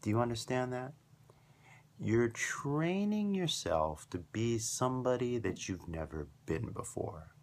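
A man's voice: medium pitch, expressive, unhurried. A man hosting a scripted podcast lesson, upbeat and emphatic, building his points through repetition. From foreigner living in Japan. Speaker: English teacher and podcast host.

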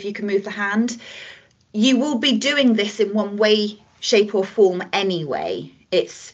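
A woman's voice: lowish voice, slightly rough. A woman trainer teaching a workshop session, explaining points with gestures and acted-out examples. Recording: dull lo-fi recording.

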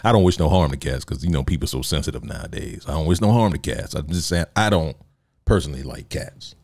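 A man's voice: a bass voice, animated, fast, vocal fry, a little mellow, no room sound. A man hosting a solo podcast, talking casually in a joking, rambling way and laughing often. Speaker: podcast host.

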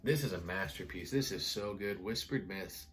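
A man casually reviewing perfumes in a vlog, excitable and rambling, full of "like" and "guys". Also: deep voice, moderate pace, slight background noise. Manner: excitable, enthusiastic, rambling with many "like"s. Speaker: fragrance reviewer.

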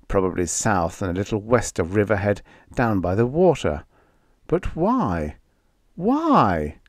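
A man reading a vintage science fiction story aloud as scripted first-person narration, with expressive, unhurried storytelling. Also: lowish voice, dry recording, studio quality. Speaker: audiobook narrator.

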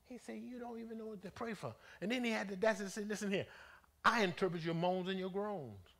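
A man leading a Bible study as bishop, preaching in an animated, folksy way and calling out to the congregation. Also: sits high, fast talker, vocal fry. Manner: animated, conversational, calls out to the congregation; colloquial, folksy phrasing.

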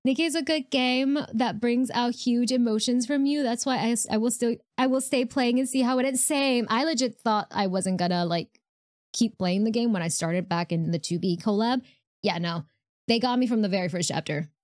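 A young woman streamer, emotional and chatty, reacting to a video while teary and hoarse. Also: on the high side, normal speed, darkish tone, dry recording, clean studio sound. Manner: emotional, chatty, talking to chat with frequent fillers. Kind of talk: casual live-stream reaction chat.

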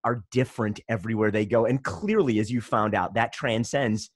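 Male podcast host from Detroit, husky, lively delivery, dry sound. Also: on the low side, normal speed, no room sound. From Detroit, USA. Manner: animated storyteller, friendly. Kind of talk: casual interview conversation.

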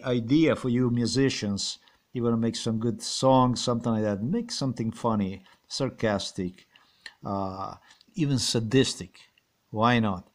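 A man's voice: mid-range voice, a bit bright. A man with a Slovenian accent rambling and ranting in a monologue, swearing and firing off repeated rhetorical questions. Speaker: vlogger.

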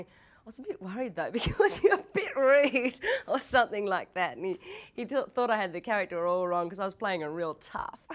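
A young woman in an interview, telling anecdotes in a lively way, laughing often and restarting her sentences. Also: mid-range voice. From Australia. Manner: animated storytelling, laughs often, quick repeated restarts. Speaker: actress interviewee.

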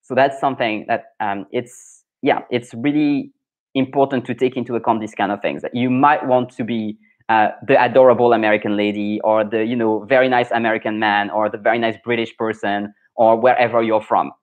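A man's voice: medium pitch, steady tone, brisk, phone-quality sound. French-accented man coaching live. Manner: chatty, thinks aloud with many fillers and restarts. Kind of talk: live-stream Q&A lesson.

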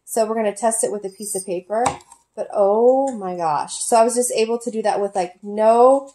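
A woman's voice: on the high side, moderate pace, warm tone, slight background noise. Gushing woman reviewing a knife at home. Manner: gushing, enthusiastic, many fillers. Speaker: product reviewer. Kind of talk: casual product review vlog. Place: home kitchen.

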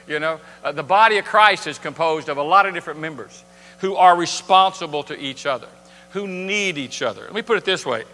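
A man's voice: a little high, sharp tone. A man preaching a sermon in a church, talking conversationally and asking his congregation rhetorical questions. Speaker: pastor. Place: church sanctuary. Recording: long church hall reverb.

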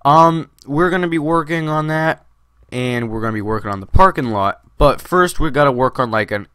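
A man's voice: a little high, expressive, moderate pace, fairly bright tone, smooth, dry recording, clean studio sound. A man hosting a Minecraft video, giving casual gameplay commentary in a rambling way, full of fillers and restarts.

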